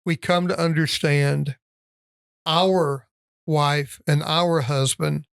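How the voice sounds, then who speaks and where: Male podcast host, slightly high voice, affirming, reflective, dry sound. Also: steady tone, takes it slowly, creaky, clear, resonant tone, no echo. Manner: affirming, frequent "yes" and "mm-hmm", reflective asides. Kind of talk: casual interview chat.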